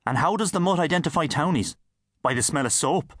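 A man's voice: fairly high pitch, lively intonation, fairly quick, fairly bright tone, husky, no room sound, clean studio sound, voice pushed up. A man with an Irish accent voicing a cocky, sarcastic town boy in an audiobook. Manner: cheeky, sarcastic. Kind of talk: audiobook character voice.

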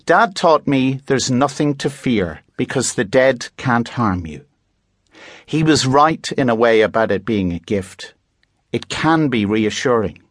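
A composed twelve-year-old girl, as a male audiobook reader voices her, unbothered and matter-of-fact. The pace is slow and the sound is close and dry. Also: medium pitch, expressive, no echo. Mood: calm.

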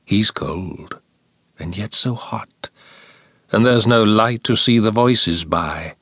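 A man reading war poetry aloud as an audiobook narrator, in a slow, measured and solemn recitation. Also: fairly low pitch, a bit bright, breathy edge, no echo, clean studio sound.

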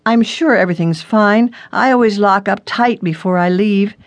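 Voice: mid-range voice, moderate pace, pitched above the performer's own voice, lightly acted. A narrator voicing a frightened young woman. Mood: anxious. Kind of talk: audiobook character reading.

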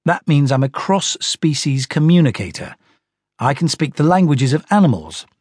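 A man narrating a children's audiobook in an animated storytelling manner. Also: fairly high pitch, normal speed, husky, no room sound, studio quality.

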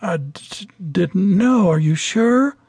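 Man doing a high, flustered flight attendant. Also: lively intonation, takes it slowly, darkish tone, breathy edge, dry recording, heavily acted. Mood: meek. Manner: high, breathless, stammering. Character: flustered young woman flight attendant, sassy then scared.

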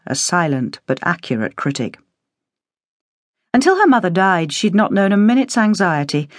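A woman narrating a historical novel audiobook in a measured, expressive storytelling manner. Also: low voice, no room sound, studio quality. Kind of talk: scripted narration.

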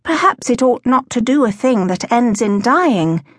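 A woman's voice: on the high side, lively intonation, measured pace, no echo, pitched above the performer's own voice. A woman narrator voicing a blunt, matter-of-fact young girl.

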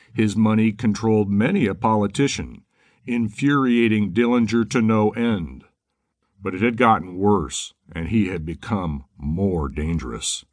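A low-voiced audiobook narrator reads a scripted crime story in a measured, steady manner. The sound is dry and close, like a studio, with no room sound.

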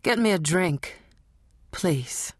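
A tired grown woman in a storybook, as a woman narrator puts her on. Her answers are short and flat. The voice is low-set and slow, recorded dry and close. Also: no echo. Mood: weary. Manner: terse, tired, clipped replies. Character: weary grown woman, shaken from a nightmare.

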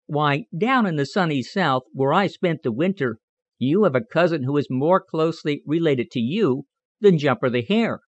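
A man putting on a sharp, scolding little wren. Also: on the high side, animated, dry recording, dull audio. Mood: earnest. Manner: brisk, teasing, lecturing. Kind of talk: audiobook character reading.

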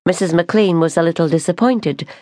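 A woman, reading a novel aloud in a measured, unhurried storytelling manner. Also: fairly low pitch, darkish tone, no room sound, clean studio sound. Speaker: audiobook narrator. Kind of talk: scripted narration.

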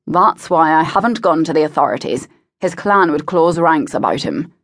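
Woman voicing a snappy angry lord, bossy, clipped, lowish and dry. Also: animated, moderate pace, dry recording. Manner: curt, commanding, snapping. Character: angry scheming nobleman, middle-aged man.

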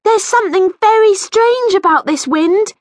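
A woman's voice: very high-pitched, big pitch swings, a little fast, dry recording, clean studio sound, voice pushed up. A woman voicing a polite, inquisitive young schoolgirl in a children's audiobook. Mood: alarmed. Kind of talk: audiobook character voice.

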